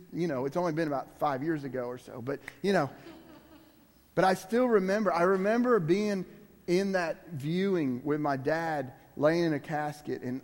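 A man's voice: fairly high pitch, darkish tone, long reverb tail. A man preaching as a guest preacher, emphatic and conversational, turning to the congregation with asides. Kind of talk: sermon.

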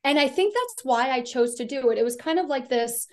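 A woman's voice: high voice, animated, fairly quick, hardly any pauses, darkish tone. A woman from the US East Coast, a podcast guest, telling her personal story in a chatty, rambling way full of fillers. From Delaware, US East Coast.

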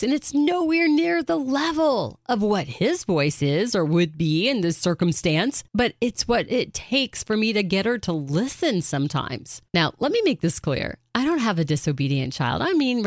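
A woman's voice: medium pitch, no echo, clean studio sound. A middle-aged woman hosting her podcast in a casual, chatty monologue, acting out family conversations. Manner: animated, chatty, acts out family quotes. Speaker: podcast host.

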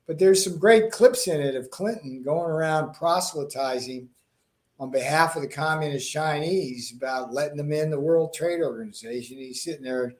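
A man from Florida with a slight Boston accent, a guest telling animated stories with many restarts and repeated words. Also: on the high side, moderate pace. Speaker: political guest. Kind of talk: interview conversation.

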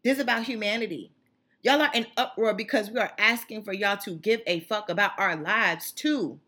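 Fiery bright-voiced woman ranting. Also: medium pitch, moderate pace, breathy edge. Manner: fiery, emphatic, repetitive. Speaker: channel host. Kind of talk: impassioned monologue.

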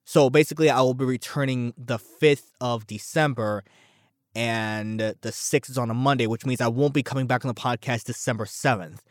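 A young man hosts a casual solo podcast, rambling, self-deprecating, repeating words, and sounding slightly out of breath. His medium-pitched voice has fairly even intonation and a moderate pace, captured in a dry, studio-quality recording.

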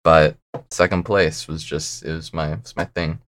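A man's voice: extremely low pitch, steady tone, moderate pace, fairly bright tone. A young man chatting casually as a podcast guest, laid-back and a bit mumbly, laughing often. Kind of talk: casual chat.

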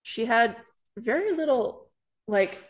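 A woman's voice: fairly high pitch, animated, slow. A young woman from Canada co-hosting a podcast, chatting casually and filling her sentences with "like" and "um". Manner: chatty, lots of "like" and "um" fillers. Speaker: podcast co-host. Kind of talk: casual chat.

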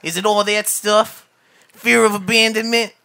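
A man's voice: high-pitched, flat delivery, normal speed, gravelly, voice pushed up, heavily acted. A man hamming up a brash Boston tough. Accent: put-on Boston. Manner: loud, swaggering, laughing through lines. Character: brash foul-mouthed young Boston tough.

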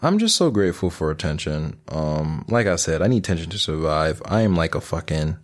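Deep-voiced young man rambling on a podcast. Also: sing-song, brisk. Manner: rambling, crude, joking, slangy; breaks into silly freestyle rap bits. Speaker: podcast host. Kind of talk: casual solo podcast monologue.

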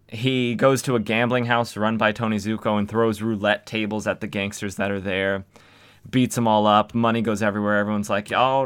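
A man's voice: fairly low pitch, bright, forceful tone, clean tone. A young man casually recapping old comics as a podcast host, with wry, sarcastic asides.

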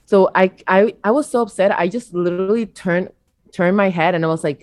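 A young woman telling a story in casual podcast chat, blunt and animated, swearing freely. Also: fairly low pitch, a little fast, no echo. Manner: blunt, profane, animated retelling. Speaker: podcast co-host.

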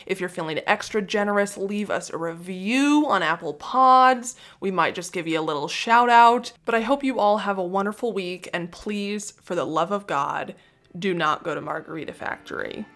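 A woman's voice: mid-range voice, normal speed, fairly bright tone. Young female podcast host, solo gossip episode, sarcastic and self-mocking delivery.

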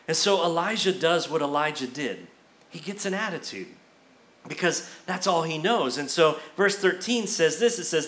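A man preaching a sermon as pastor, telling the story in a lively, conversational way. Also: fairly high pitch, moderate pace, reverberant. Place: church.

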